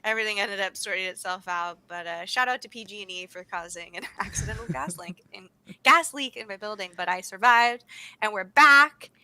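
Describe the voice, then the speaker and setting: A woman's voice: medium pitch, a little fast, sharp tone, smooth, dry recording, low-quality recording. A young American woman co-hosting a casual livestream, bubbly, laughing often and exclaiming as she chats. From United States. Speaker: co-host.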